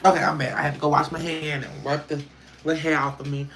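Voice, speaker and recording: A homey, playful middle-aged Southern woman with an Alabama drawl, as a man puts her on. Her voice sits a touch high, with a gravelly fry, and she coos at her dog between folksy asides to the viewers. It is a casual livestream chat from home. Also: flat delivery, quick pace, fairly bright tone, a little hiss or hum. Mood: chatty. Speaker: livestream host.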